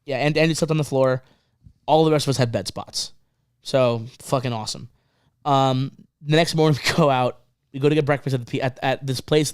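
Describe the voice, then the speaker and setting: A man telling a tour story in casual podcast chat, excited, swearing often, repeating himself and laughing mid-sentence. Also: medium pitch, no echo, studio quality.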